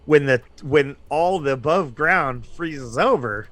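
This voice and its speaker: A man's voice: on the high side, expressive, slow, a bit bright, no room sound. A man telling a rambling, profanity-heavy story from a tabletop game, laughing often. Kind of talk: casual storytelling.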